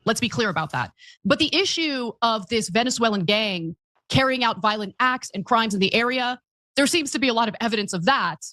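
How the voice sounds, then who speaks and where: A woman making political news commentary in a played clip, arguing in a measured way. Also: a little high, animated, sharp tone, no echo.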